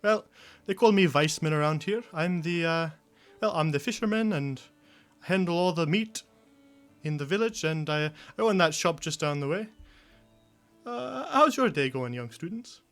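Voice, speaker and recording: A man's voice: fairly high pitch, animated, moderate pace, a bit bright, faint music behind, pitched above the performer's own voice. A man voicing a flustered, friendly middle-aged village fisherman in a tabletop game.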